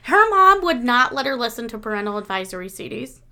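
Woman in her thirties, co-host, high-ish voice, chatty storyteller who laughs through her anecdotes. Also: quick pace, slight background noise. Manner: laughs through stories, animated when quoting. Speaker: podcast co-host. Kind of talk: casual chat, storytelling.

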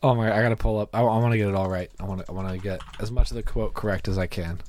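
A man's voice: on the low side, racing, a little hiss or hum. A man co-hosting a casual chat about movies, laughing often and acting out quotes. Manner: giggly, animated, quotes scenes in voices. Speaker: podcast co-host.

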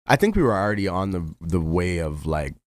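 A man's voice: brisk, dry recording. A man in casual podcast chat, speaking in a laid-back, slangy way with plenty of "bro". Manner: laid-back slangy talk, says "bro" a lot, lively swings in pitch.

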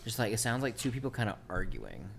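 A man's voice: on the low side, huge pitch swings, fast talker, creaky, a little hiss or hum. A man narrating as dungeon master, rambling with lots of fillers. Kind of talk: narrating a tabletop game.

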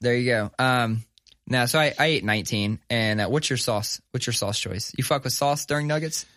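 A man, co-hosting a podcast, telling a story in casual chat, animated and profane, acting out the voices of people in his story. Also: mid-range voice, moderate pace, no room sound, studio quality. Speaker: podcast co-host.

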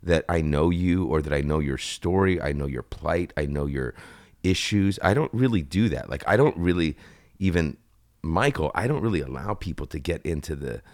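A man in his fifties with a very deep, low voice, a guest on a chat show. He tells stories in an animated way and swears freely. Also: normal speed. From United States. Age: 50s. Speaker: guest actor. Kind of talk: casual interview chat.

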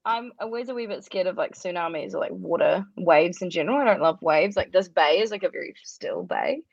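A woman's voice: lowish voice, lively intonation, brisk, vocal fry, no room sound, dull audio. A woman with a New Zealand accent, a musician guest chatting casually and rambling with lots of fillers. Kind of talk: casual interview chat.

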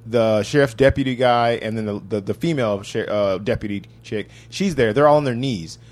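Man, low voice, casual, animated, profane, storytelling, podcast chat. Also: fairly quick.

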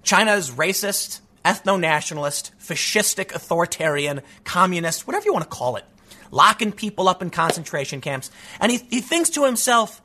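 A man's voice: high-pitched, big pitch swings, a little fast, pushed and bright. A man delivering a sarcastic, ranting opinion monologue as a commentary host.

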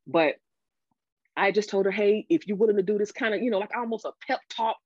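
A woman guest on a podcast telling the story of her marriage and divorce, emotional and halting, with many restarts, rising sharply when she quotes herself. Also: medium pitch, breathy edge, no echo. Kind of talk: candid storytelling about a marriage. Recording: dull lo-fi audio.

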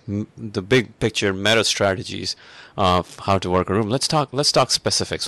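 A man with a lowish voice asks interview questions, relaxed and a little halting as he gathers his thoughts. The sound is dry and close, with no room echo. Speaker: interview host.

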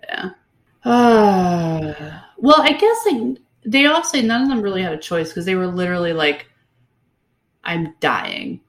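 A woman's voice: medium pitch, sing-song, moderate pace. A woman co-hosting a podcast, recapping a book in casual, sarcastic chat with lots of fillers. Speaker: podcast co-host.

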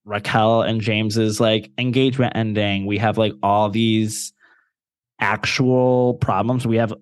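A man's voice: lowish voice, flat delivery, a little slow, clear, resonant tone, dry recording, studio quality. A man co-hosting a podcast, chatting and rambling, with lots of filler words. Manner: chatty, rambling, heavy use of "like". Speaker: podcast co-host. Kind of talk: casual chat.

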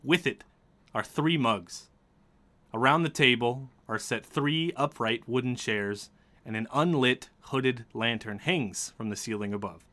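A man with a bright, forceful voice narrates a tabletop role-playing game as its game master. He sets each scene in a measured, descriptive way. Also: medium pitch.

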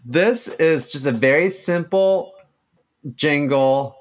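A man's voice: on the high side, slow. A man co-hosting a podcast in casual chat, trading dry, teasing jokes. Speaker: podcast co-host.

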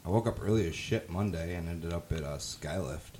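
A man's voice: deep voice, fairly quick, a little mellow, a little hiss or hum. A young man, a podcast guest, telling rambling, profane stories in casual chat.

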